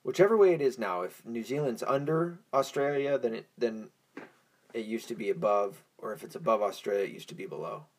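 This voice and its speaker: Stoned young guy rambling and swearing on his podcast, husky lowish voice. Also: lively intonation, fairly quick. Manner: profane, rambling, distracted. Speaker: podcast host. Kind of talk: casual rambling monologue.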